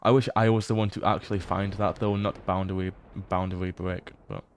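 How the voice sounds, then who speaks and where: A man's voice: sits low, fairly even intonation, a little fast, slight background noise. A man streaming a horror game, chatting casually as he explores, laughing often and swearing now and then. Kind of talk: casual livestream commentary while exploring a game.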